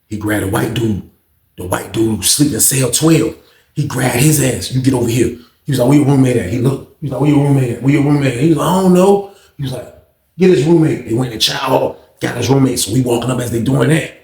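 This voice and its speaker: A man's voice: mid-range voice, fast talker, vocal fry, a little mellow, echoey room. A man telling a prison story casually and acting out the other people's lines. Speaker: storyteller host.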